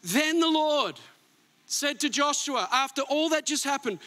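A middle-aged man preaches with a very high, bright and sharp voice. He swings from hushed, gentle passages to emphatic near-shouts as he presses his points to the congregation. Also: expressive, unhurried. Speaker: pastor. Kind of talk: sermon.

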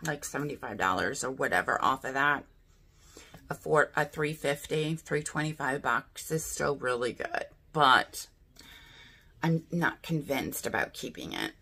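A woman's voice: a bass voice, animated, measured pace, gravelly, pushed and bright, husky. A woman chatting casually through a beauty box unboxing, thinking aloud and asking her viewers what she should do. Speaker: beauty vlogger.

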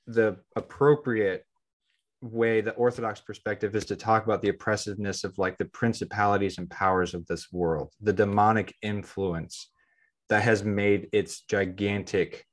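A man co-hosting a podcast in casual chat, rambling, leaning on "like" and often restarting his sentences. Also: fairly low pitch. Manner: rambling, heavy use of "like". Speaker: podcast co-host.

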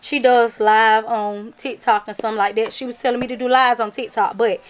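A woman's voice: fairly high pitch, steady tone, fairly quick. A woman, chatting casually to her viewers about a craft and gift-basket haul, emphatic and talkative. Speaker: vlogger showing a craft haul. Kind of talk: casual chat to camera.

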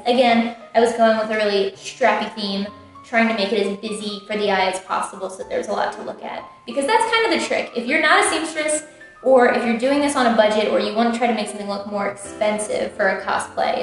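Woman host, fairly high voice, chatty and a bit breathless; very echoey room, faint music. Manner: chatty, explains details with emphatic jumps in pitch. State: slightly out of breath from a tight corset. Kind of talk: casual costume walkthrough.

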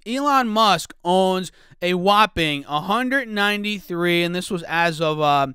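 A man hosting a casual stock market video, his voice rough from just waking up, talking chattily to viewers he calls guys and clearing his throat now and then. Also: sits high, expressive, a little slow, bright, forceful tone, no room sound, clean studio sound. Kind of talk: casual talk to camera.

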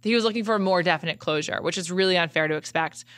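A woman host chatting casually on a podcast, animated and full of "like" fillers, into a studio mic. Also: lowish voice, racing, no echo. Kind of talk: casual chat.

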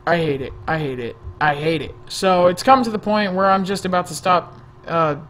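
A man's voice: high-pitched, normal speed, fairly bright tone. A man telling a rambling, jokey story-time vlog into a desk microphone, often sidetracking himself. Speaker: vlogger.

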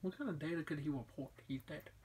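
A man's voice: fairly high pitch, fast, a little mellow, slightly rough. A man giving let's play commentary, wry and self-deprecating, often exclaiming at the game. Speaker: gamer.

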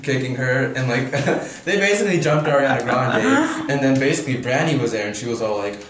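A man's voice: mid-range voice, very animated, brisk, fairly bright tone. A man as a guest in a casual chat, rambling through a story with fillers and laughs. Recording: roomy echo, faint noise.

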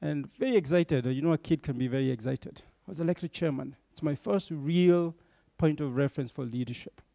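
A man's voice: fairly high pitch, a little fast, vocal fry, mellow, no room sound. A middle-aged man giving a motivational storytelling talk to young leaders, often checking in with tag questions. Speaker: bank executive speaking to young leaders.

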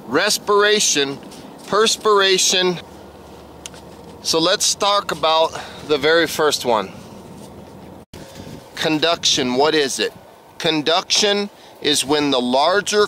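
A man giving a slow, plain survival lesson outdoors in the snow, a little out of breath. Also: a little high, sharp tone, a little hiss or hum. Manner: explains slowly and plainly, folksy phrasing. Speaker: survival instructor. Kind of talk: outdoor instructional vlog.

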